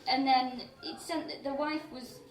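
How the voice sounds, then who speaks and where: A woman's voice: high-pitched, fairly even intonation, unhurried, a crowd in the background. A woman comedian co-hosting a live show, chiming in with chatty asides. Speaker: comedian co-host. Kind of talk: live comedy podcast banter. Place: windowless venue at a festival, live audience. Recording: roomy live venue from a distant mic.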